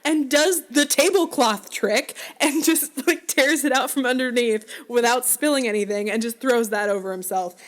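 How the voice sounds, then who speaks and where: A young woman co-hosting a casual podcast chat, chatty and enthusiastic, quick to agree. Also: high-pitched. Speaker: podcast co-host.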